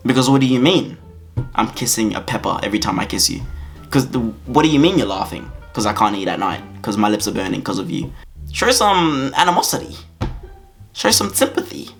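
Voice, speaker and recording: Animated young man telling a story. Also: fairly low pitch, fast, faint music behind. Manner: animated, laughing, dramatic exaggeration. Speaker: vlogger. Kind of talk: comic storytime.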